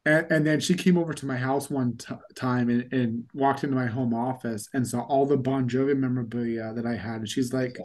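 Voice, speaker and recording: A man's voice: medium pitch, steady tone, brisk, few pauses, a little mellow. Chatty rambling male podcast host. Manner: rambling storyteller, many fillers like "like". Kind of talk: casual chat.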